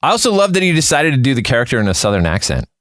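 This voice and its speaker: A man's voice: mid-range voice, very animated, racing, a bit bright. A man hosting a podcast, upbeat, asking his co-host short questions. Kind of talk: casual podcast chat.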